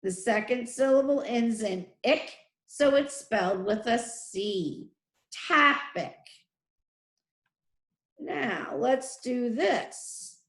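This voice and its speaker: A woman teaching phonics to first graders, speaking very slowly and spelling out each sound with care. Her voice sits a little high. The recording has an echoey room sound. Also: animated. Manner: slow, clearly drawn-out letter sounds.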